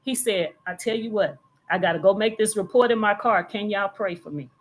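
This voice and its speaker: A woman's voice: medium pitch, a little fast, slight background noise. A woman, a minister, telling a story in an earnest, detailed way during a casual live church discussion. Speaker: minister and co-host.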